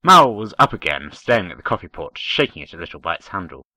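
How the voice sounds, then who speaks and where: A man reading fan fiction aloud, narrating in a measured, expressive way. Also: deep voice, slightly rough, no echo, low-quality recording. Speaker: story reader.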